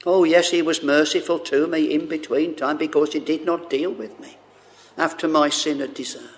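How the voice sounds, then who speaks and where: A man preaching a sermon, speaking haltingly with many fillers and fervent exclamations. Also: on the high side, steady tone.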